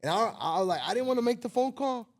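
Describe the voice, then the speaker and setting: A man's voice: very high-pitched, lively intonation, quick pace, no room sound, clean studio sound. A man, hosting a casual talk show and telling a story, acting out the dialogue and swearing freely. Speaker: podcast host telling a story.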